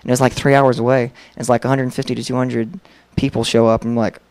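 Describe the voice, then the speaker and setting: A young man gives a personal testimony from the pulpit in an easygoing, candid way. He tells the story and acts out the dialogue, dotted with fillers. His voice sits at a middling pitch, and the sound is dry and close with little room echo. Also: little pitch movement, fast, darkish tone. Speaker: preacher.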